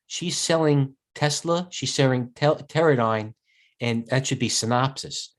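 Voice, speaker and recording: A man's voice: mid-range voice, measured pace. A middle-aged man hosting a live market commentary stream, tired and rambling as he digresses and stops to answer viewers' questions. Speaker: host and stock broker.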